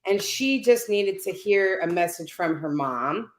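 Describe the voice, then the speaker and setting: A woman's voice: mid-range voice, animated, a little slow. Earnest woman telling a heartfelt story. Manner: earnest storyteller, frequent "right?" and "you know". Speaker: guest on a panel talk. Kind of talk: storytelling in casual conversation. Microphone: video call. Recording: roomy echo.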